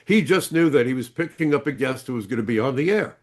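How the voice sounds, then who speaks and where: A man's voice: medium pitch, expressive, fast talker. An older man, a retired immigration agent, speaking as an interview guest with blunt, emphatic storytelling.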